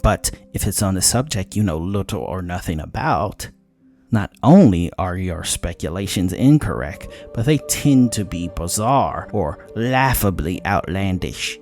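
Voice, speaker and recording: A man voicing a haughty fae woman who speaks in a formal, cutting, measured way. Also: sits low, expressive, darkish tone, soft background music. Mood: cool, cutting.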